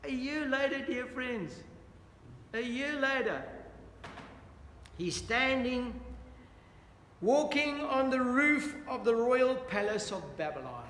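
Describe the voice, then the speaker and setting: Bible study teacher, male, high voice, echoey hall with long reverb, faint background ambience. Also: sing-song, slow pace, pauses often, fairly bright tone, slight background noise. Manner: earnest, questions the audience, repeats "dear friends". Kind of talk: interactive Bible study lesson.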